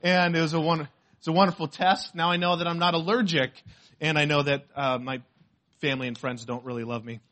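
High-voiced man preaching a sermon. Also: a little fast. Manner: animated storytelling, shouts when acting out pain. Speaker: pastor. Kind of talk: sermon with a personal story.

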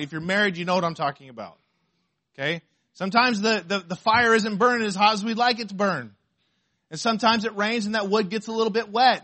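A man preaching a sermon to a congregation, reading scripture aloud slowly and asking the listeners questions. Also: high voice, sharp tone. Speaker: pastor.

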